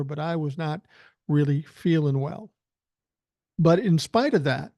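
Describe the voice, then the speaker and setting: A man's voice: a little high, gravelly, mellow, no echo, studio quality. A man in his sixties hosting a podcast, telling a rambling, chatty story with filler words while feeling unwell. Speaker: podcast host. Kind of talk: casual storytelling.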